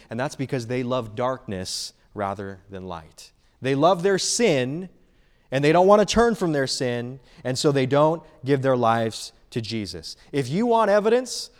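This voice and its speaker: An emphatic man preaching a sermon with lots of energy. He hammers his points home by repeating key phrases. His voice sits somewhat high for a man.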